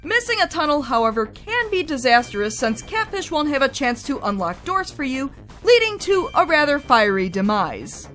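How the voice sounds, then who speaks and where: A woman's voice: sits high, big pitch swings, normal speed, fairly bright tone, faint music behind. A woman narrating a scripted game review in a wry, chatty way.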